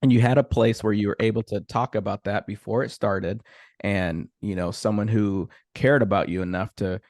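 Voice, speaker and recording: Low-voiced man, casual and easygoing. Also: fairly even intonation, moderate pace, a little mellow, no room sound, clean studio sound. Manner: easygoing, full of "you know" fillers. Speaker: podcast host. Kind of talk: casual conversation.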